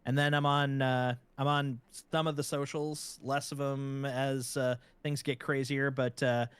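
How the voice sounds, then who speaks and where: A man who is a guest streamer in a casual chat, talking in a relaxed way with many filler words. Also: mid-range voice, a little slow, smooth, no echo.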